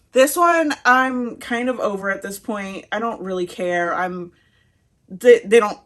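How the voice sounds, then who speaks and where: A woman's voice: on the high side, a bit bright. A woman in her thirties, a vlogger chatting casually to the camera, out of breath and laughing often between words.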